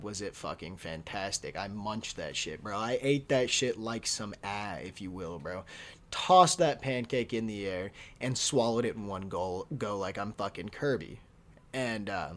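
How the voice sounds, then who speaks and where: A young man in his early twenties telling a story from his teens in a casual, profane, laughing way, full of slang. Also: fairly low pitch. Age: young adult. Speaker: vlogger.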